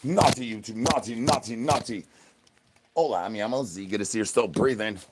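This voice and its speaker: A man's voice: lowish voice, brisk, husky. A young man talking into his phone on a live stream, rambling in a playful, sing-song way full of nonsense catchphrases.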